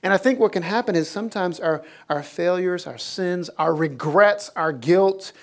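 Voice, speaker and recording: An animated preacher delivering a sermon to a church congregation. The delivery jumps between excited storytelling with soaring pitch and laughter and quieter, earnest appeals to the listeners. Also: moderate pace. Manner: laughs while telling stories. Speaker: pastor.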